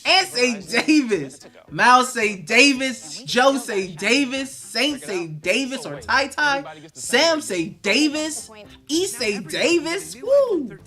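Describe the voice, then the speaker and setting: Hyped man with a high, bright voice. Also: lively intonation, slow pace. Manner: hyped, restless and chatty, reading viewer comments aloud. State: nervous and excited. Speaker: live stream host. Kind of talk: live draft watch party reaction.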